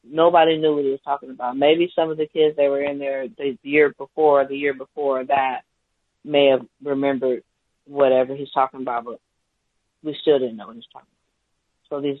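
A man's voice: mid-range voice, level tone, brisk, no room sound. A man calling in to a talk show, telling a story in a rambling, hesitant way. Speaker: caller. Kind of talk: call-in talk radio account. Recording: tinny phone line, dry.

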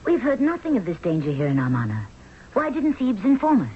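A proud, imperious queen in an old radio drama, haughty and quick to take offense. Her middle-pitched voice moves widely. The sound is dull and lo-fi, with faint hiss behind her. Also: huge pitch swings. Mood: indignant. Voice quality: haughty, indignant. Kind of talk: 1970s radio drama acting.

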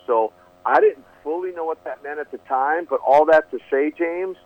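A man's voice: on the high side, expressive, unhurried. Earnest man telling a testimony over a tinny phone line. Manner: earnest, repeats words when restarting. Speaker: guest, preacher. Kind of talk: storytelling testimony.

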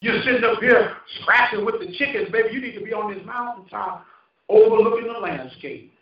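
Male pastor, fervent sermon, high voice, big echoey church, distant dull mic. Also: fairly quick. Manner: fervent, call-and-response preaching, emphatic. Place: church sanctuary.

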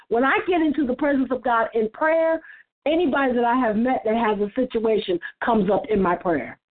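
A woman on a church roundtable sharing testimony in an earnest, casual way, often repeating words as she starts a thought. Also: on the high side. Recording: tinny phone-like line.

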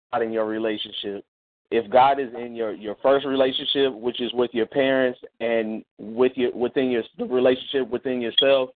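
A man calls in to a radio talk show and speaks haltingly, repeating words as he works through his point. His voice has a middling pitch. It is heard over a tinny phone line. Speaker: caller. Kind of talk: call-in comments.

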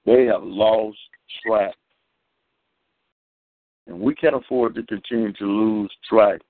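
A man's voice: on the low side, fairly even intonation, slow pace. A man preaching over a phone call, telling a story and restarting his words often. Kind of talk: preaching testimony. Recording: tinny phone line, dry.

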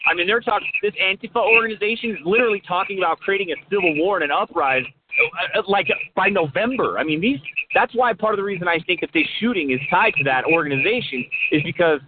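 A young man in casual call-in talk, halting and profane, stumbling over restarts. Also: high voice, lively intonation. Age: young adult. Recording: tinny phone-like line with loud hiss.

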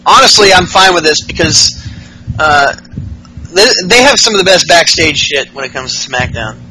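A man's voice: on the high side, lively intonation, normal speed, pushed and bright, slight background noise, low-quality recording. A man hosting a podcast, giving a casual, rambling and profane recap of wrestling shows, full of fillers. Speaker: podcast host.

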